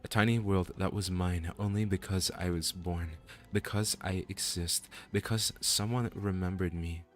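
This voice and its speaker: A man voicing a despairing captive trapped in a web of fate, reading game dialogue in a slow, solemn, weary way. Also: sits low, fairly even intonation, faint music behind, close to an everyday voice. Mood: wistful.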